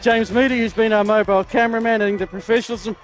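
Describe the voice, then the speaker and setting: A man with a notably high-pitched voice, working as a sports commentator. He talks in a steady, measured way, reading through long lists of names. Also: faint music behind. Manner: measured, listing thank-yous. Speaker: play-by-play commentator.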